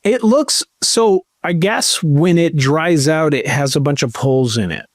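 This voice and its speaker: Guy on a podcast, slow drawn-out rambly stories, kinda high voice. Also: expressive, dry recording, studio quality. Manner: rambling, jokey, slow storytelling. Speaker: podcast co-host. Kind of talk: casual chat.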